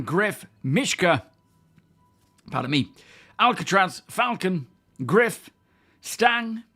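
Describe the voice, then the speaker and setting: A man's voice: high voice, a bit bright. A young man streaming a game, chatting casually and greeting his viewers by name. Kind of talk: casual live-stream chat.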